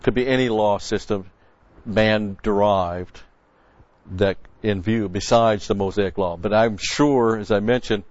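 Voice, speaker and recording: A man's voice: fairly low pitch, unhurried, darkish tone, dry recording. Emphatic man teaching a sermon. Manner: emphatic, repeats key words for stress; explains original-language grammar. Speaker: Bible teacher. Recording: dull, dry lo-fi recording.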